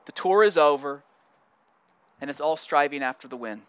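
A male pastor delivering a sermon, earnest and conversational, with frequent restarts and repeated words. His voice sits high for a man. The recording is dry, with no room echo. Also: normal speed, smooth.

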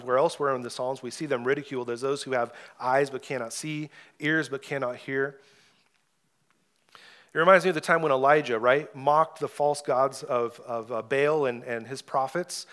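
A young adult man preaching an earnest sermon, rising loud when he reads scripture aloud. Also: medium pitch. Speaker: pastor.

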